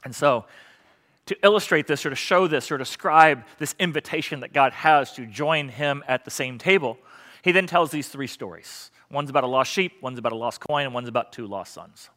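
Male pastor, animated sermon delivery with humor, bright tone. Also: mid-range voice, moderate pace. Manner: animated and joking with the congregation. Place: church sanctuary.

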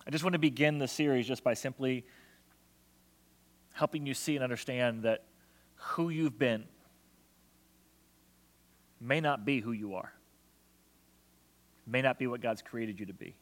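A man preaching a sermon as pastor, impassioned, acting out quoted voices and leading a prayer. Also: medium pitch. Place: church hall. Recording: long hall reverb.

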